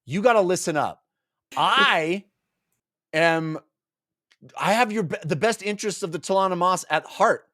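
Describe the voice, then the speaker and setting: A man putting on a shrill mocking sorceress. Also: lively intonation, very slow, hardly any pauses, bright, forceful tone, dry recording, clean studio sound, full character voice. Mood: exasperated. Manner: high squealing mock voice, exaggerated. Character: shrill scheming female undead sorceress, bossy and mocking.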